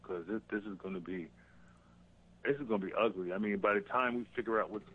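A man's voice: lowish voice, husky. Man on a tinny phone line. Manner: halting, repeats words. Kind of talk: casual political talk.

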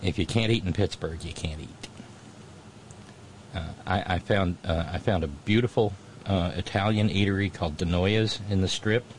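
A male radio host talks straight to his listeners in a loose, meandering way, circling back and restarting his sentences. His voice sits on the low side. A faint hum of room noise runs under him. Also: normal speed. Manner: rambling, many restarts and fillers. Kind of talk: casual monologue to listeners.

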